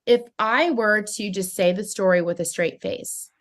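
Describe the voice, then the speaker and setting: Woman, network marketing trainer, upbeat, animated, smiling delivery, mid-pitched voice, phone mic. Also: normal speed, hardly any pauses. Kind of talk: motivational training talk.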